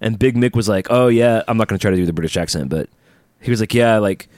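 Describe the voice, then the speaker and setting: A man's voice: lowish voice, rapid-fire, no echo, clean studio sound. A man co-hosting a podcast, chatting casually and telling stories with jokes. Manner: animated, joking, storytelling. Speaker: podcast co-host. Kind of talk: casual chat.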